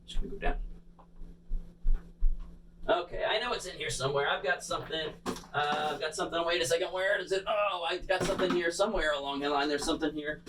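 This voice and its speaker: A man's voice: on the high side, fast, background noise. A man performing an interactive bubble show for children, talking playfully to an unseen young audience. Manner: animated and showy.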